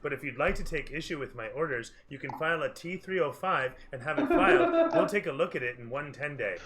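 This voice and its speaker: A man's voice: a little high, very animated, fairly quick, roomy sound, over a noisy crowd. A man voicing a pompous, condescending male boss villain who talks like a bureaucrat.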